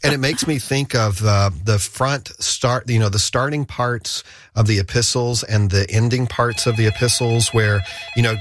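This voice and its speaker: A man's voice: medium pitch, fairly even intonation, moderate pace. A man at the radio station chatting on air in an earnest, rambling way, with many fillers and restarts. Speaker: radio station leader and guest. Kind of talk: casual on-air chat.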